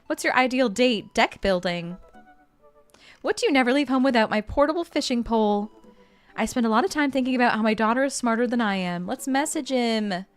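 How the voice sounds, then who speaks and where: A woman's voice: on the high side, quick pace, hardly any pauses. Chatty woman streamer reading game text. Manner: chatty, reads game text aloud, playful. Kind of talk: casual game playthrough commentary.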